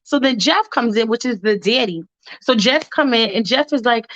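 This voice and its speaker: A woman's voice: a little high, animated, moderate pace, fairly bright tone, lo-fi sound. A woman telling a freestyle story in a chatty way, with sassy asides.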